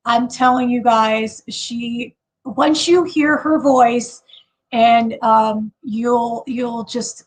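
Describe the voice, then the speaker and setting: Woman w/ chicago accent chatting on a livestream, kinda high voice, lots of ums and laughs. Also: low-quality recording. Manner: chatty, laughs often, many fillers and restarts. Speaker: livestream host. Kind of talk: casual live chat.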